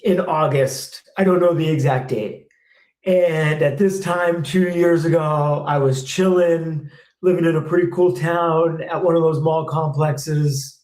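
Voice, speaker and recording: Host, man in his thirties, blunt and fired up, swears freely, slightly high voice, echoey room. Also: steady tone, a little slow, darkish tone. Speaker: host and former technician. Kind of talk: live Q&A rant.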